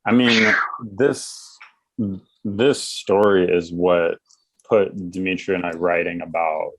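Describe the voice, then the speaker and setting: A man talking as a podcast guest, measured and searching for words. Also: low voice, steady tone, fairly bright tone, low-quality recording. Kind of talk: podcast discussion.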